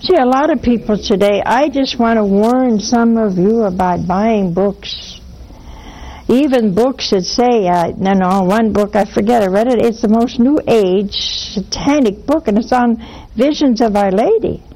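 A woman hosting a call-in show as a nun, teaching with animated little acted-out dialogues and blunt warnings. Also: fairly high pitch, measured pace, low-quality recording. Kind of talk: spiritual teaching and call-in talk.

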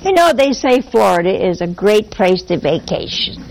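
A woman preaching a sermon, animated and throwing rhetorical questions at her listeners. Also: mid-range voice, normal speed, creaky, poor audio.

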